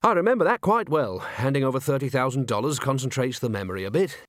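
A man voicing a fussy, excitable middle-aged businessman who stammers and blusters when worried. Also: medium pitch, fast talker, no echo, studio quality, close to an everyday voice. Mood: sheepish.

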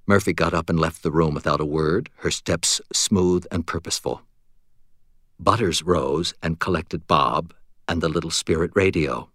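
Low-voiced male audiobook narrator. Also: a bit bright, dry recording, studio quality. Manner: measured, understated and low-key. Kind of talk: first-person audiobook narration.

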